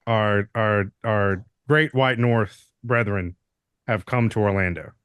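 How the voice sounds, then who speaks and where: A man's voice: lowish voice, slow, fairly bright tone, clean tone, dry recording, studio quality. A man hosting a podcast, joking and sarcastic in casual political chat. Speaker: podcast host.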